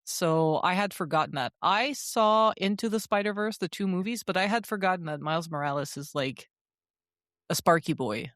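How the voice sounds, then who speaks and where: A woman with a fairly low voice is co-hosting a casual podcast. She tells stories in a chatty, animated way, full of ums and asides. Her voice is close and dry, with no room sound. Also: normal speed, no room sound. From French Canada. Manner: chatty and animated, with many fillers. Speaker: podcast co-host.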